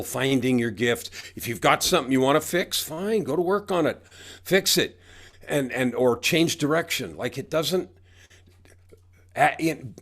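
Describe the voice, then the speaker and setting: A man's voice: mid-range voice, a bit bright. Guy in his 60s, coach on a podcast, punchy and preachy, hammers the same lines over and over. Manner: emphatic, preachy, repeats catchphrases. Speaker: guest, author and coach. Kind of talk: motivational podcast interview.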